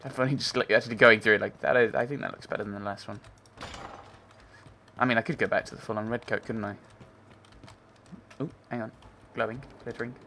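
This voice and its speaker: Gravelly-voiced man, casual let's-play chatter, musing to himself. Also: lowish voice, fairly even intonation, fast, long pauses, sharp tone, a little hiss or hum. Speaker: game player. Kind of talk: casual gameplay commentary.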